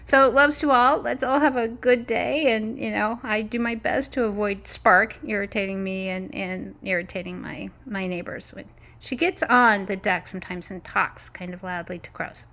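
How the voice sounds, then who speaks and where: Woman, casual vlog chat, rambling, light laughs, mid-pitched voice, outdoor courtyard. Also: fairly even intonation, normal speed, fairly bright tone. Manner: chatty, meandering, frequent small laughs. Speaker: vlogger. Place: apartment complex courtyard outdoors.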